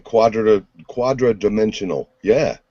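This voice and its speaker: A man's voice: on the low side, measured pace, warm tone, no echo. A man joining a casual livestream chat as a guest, joking and self-mocking. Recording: dry lo-fi stream audio.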